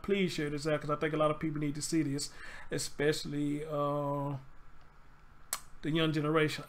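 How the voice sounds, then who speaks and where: A man talks straight to his live chat in a casual, profane way, circling back to the same pleas again and again. He is clearly holding back tears. His voice sits a little high for a man. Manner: profane, pleading, repeats himself. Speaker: show host. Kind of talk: casual live-stream commentary.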